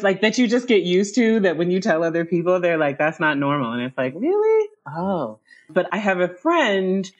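Lively, laughing woman telling stories. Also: lowish voice, dull audio. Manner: animated, laughs often, restarts sentences. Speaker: guest. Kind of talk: casual storytelling in a podcast interview.

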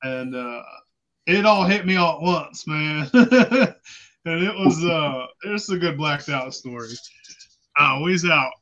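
A man's voice: a little high, animated, slow pace, fairly bright tone. A young man telling a rambling, profane story in a casual podcast chat, laughing as he goes. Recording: muffled lo-fi sound.

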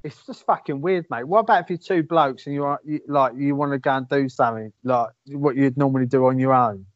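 A man's voice: medium pitch, a little fast, no room sound, muffled recording. A man co-hosting a podcast, chatting casually with crude, laid-back humor and swearing. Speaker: podcast co-host. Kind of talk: casual banter.

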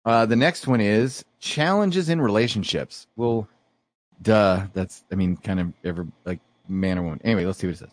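A man's voice: on the low side, normal speed, no echo. A man co-hosting a casual podcast, reading an article aloud and giving blunt opinions on it. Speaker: podcast co-host.

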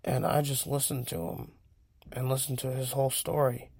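A man's voice: mid-range voice, level tone, moderate pace, darkish tone, husky, no echo, clean studio sound. A man from California telling a frank, profane personal story in a casual rambling monologue. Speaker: vlogger.

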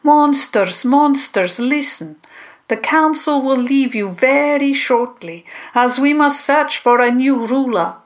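A woman voicing a bossy, loud female monster who leads a council, speaking in commanding proclamations. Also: high-pitched, expressive, takes it slowly, pitched above the performer's own voice, heavily acted.

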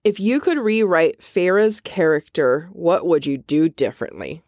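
A woman's voice: on the low side, lively intonation, a little slow, a little mellow, no echo, studio quality. A woman co-hosting a podcast, tipsy, chatting casually and laughing a lot as she rambles. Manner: giggly, laughs often, rambling. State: drunk. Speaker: podcast co-host.

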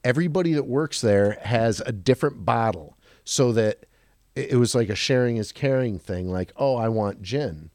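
On a podcast, a man in his forties, a car dealership guest, animatedly recounts stories from his years selling cars, speaking at normal speed with no room sound. He restarts often and acts out quoted voices in a higher pitch.

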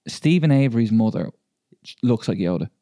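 Animated, laughing man. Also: lowish voice, normal speed. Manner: laughs often, animated storytelling. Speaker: podcast co-host. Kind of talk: casual banter.

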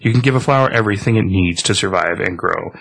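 Man reading gaunt old woman, cold, grave, husky low voice. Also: fast, a bit bright, exaggerated voice, rough recording.

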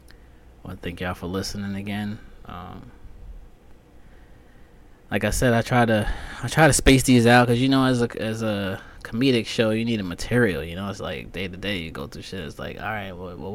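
A man's voice: on the low side, moderate pace, slight background noise. Profane rambling man with sudden outbursts. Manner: frequent fillers like um and you know. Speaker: podcast host. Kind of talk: casual comedic podcast monologue.

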